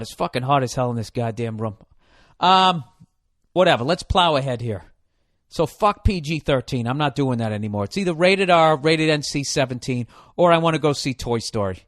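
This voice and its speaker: A man hosting his own podcast, going off on a foul-mouthed comic rant, exasperated and swearing freely. His voice sits a bit high, and the sound is dry and close to the mic. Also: expressive, a little fast, a bit bright, no room sound. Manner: profane, ranting, exasperated. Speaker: podcast host. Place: hot room.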